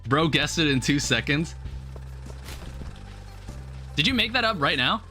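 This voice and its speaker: A young man talks casually on a live stream as he games, rambling and thinking aloud with constant filler words. His voice sits a bit high, very bright and lively, and it swings up and down a lot. Quiet game music plays in the background. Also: unhurried. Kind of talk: casual live-stream chat while gaming. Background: faint game music.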